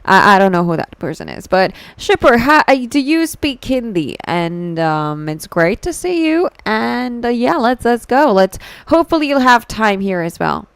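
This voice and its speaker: Woman streamer, casual live chat, giggly, English-Hindi mixing, smooth clear voice, dry close sound. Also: on the high side, big pitch swings, moderate pace, few pauses, dry recording. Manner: chatty, giggly, switches between English and Hindi; reads and answers chat messages playfully. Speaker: VTuber streamer.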